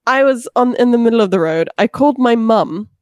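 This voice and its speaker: A woman's voice: fairly high pitch, a little fast, dry recording. A woman co-hosting a podcast, telling stories in casual chat and acting out quotes. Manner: expressive, acts out quotes, laughs. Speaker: podcast co-host.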